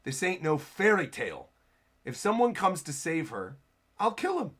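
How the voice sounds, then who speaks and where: A man voicing a cruel, sneering male noble villain in a low, menacing read-aloud voice. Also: huge pitch swings, normal speed, fairly bright tone, exaggerated voice.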